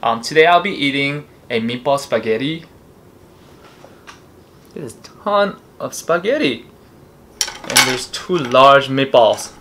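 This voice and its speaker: A man's voice: mid-range voice, slow pace, long pauses, a little hiss or hum. Laid-back man hosting a mukbang. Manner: relaxed, rambling, talks between bites. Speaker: mukbang host. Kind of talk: casual eating-show chat.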